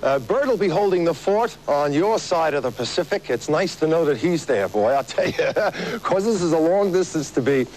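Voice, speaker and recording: A man's voice: fairly high pitch, expressive, normal speed, few pauses, a little mellow, slight background noise, low-quality recording. A man hosting a live TV variety show outdoors, chatting and joking through his opening monologue. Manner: chatty, joking, laughs at his own gags. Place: outdoors on location.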